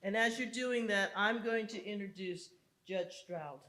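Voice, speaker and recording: A woman's voice: mid-range voice, measured pace, sharp tone. A woman hosts an evening summit program, calling for applause and introducing the next guests. Her tone is upbeat, and she jokes easily with the crowd. She uses a plain, middle-range voice. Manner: upbeat, joking with the audience. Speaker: event emcee. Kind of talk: live event hosting.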